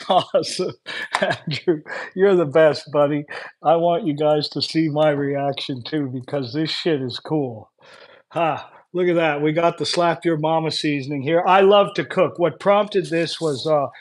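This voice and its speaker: A man hosting a casual livestream, chatting to viewers as he unboxes a gift, effusive and laughing often. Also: fairly high pitch. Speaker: livestream host.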